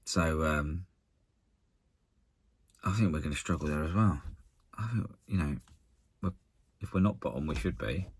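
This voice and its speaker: A man giving a casual, exasperated post-match rant to camera as a football fan, blunt and halting, often restarting his sentences. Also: very deep voice, husky, dry recording. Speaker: football fan channel contributor.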